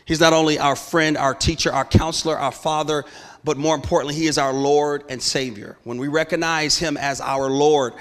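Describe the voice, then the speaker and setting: A man's voice: on the high side, steady tone, moderate pace. Impassioned preacher man in a reverberant church. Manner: impassioned, building to loud declarations. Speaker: guest preacher. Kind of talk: sermon. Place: church sanctuary. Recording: long hall reverb.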